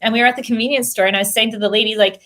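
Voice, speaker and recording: A woman hosting a casual family travel Q&A, chatty and animated, laughing often as she tells stories. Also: fairly high pitch, racing. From Canada. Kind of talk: casual live Q&A chat.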